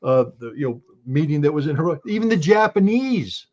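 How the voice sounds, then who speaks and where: A man's voice: a little high, very animated, fast talker, a little mellow, dull audio. An American man speaking as a guest on a livestream interview, emphatic and lecturing, repeating points for force. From United States. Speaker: guest commentator.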